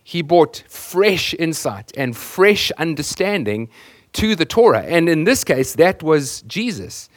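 A man's voice: fairly high pitch, very animated, slow pace, no room sound, clean studio sound. A man preaching a sermon as the pastor, earnest and emphatic, often repeating words as he searches for the next phrase.

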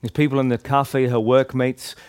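A man's voice: medium pitch, flat delivery, moderate pace, darkish tone, clear, resonant tone, no room sound, studio quality. A man casually recounts his street evangelism, rambling and leaning on "like" and "you know". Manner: rambling, heavy use of "like" and "you know", restarts. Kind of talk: casual storytelling testimony.

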